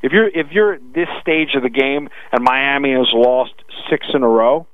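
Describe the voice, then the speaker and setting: A man with a Brooklyn accent analyzing sports betting odds on a radio talk show, talking fast with frequent restarts. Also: medium pitch, dry recording, narrow, tinny audio. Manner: rapid with frequent restarts, "listen".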